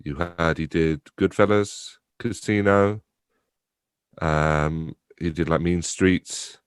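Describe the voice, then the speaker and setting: A man's voice: sits low, steady tone, takes it slowly, clear, resonant tone, no room sound, studio quality. A young adult man, chatting casually as a podcast guest, rambling, swearing freely and laughing often. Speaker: podcast guest, theatre company director. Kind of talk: casual conversation.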